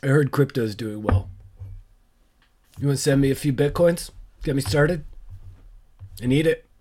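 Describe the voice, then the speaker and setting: A man's voice: medium pitch, a little slow, darkish tone, slight background noise. A man hosting a casual solo podcast, rambling and joking at his own expense, with lots of fillers and asides. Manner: rambling, joking, self-deprecating; frequent fillers and trailing asides. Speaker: podcast host.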